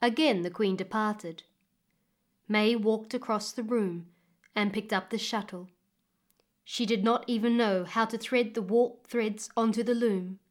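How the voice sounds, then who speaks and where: A woman narrating a fairy tale expressively with dramatic pauses, as a storyteller reading a book. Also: mid-range voice.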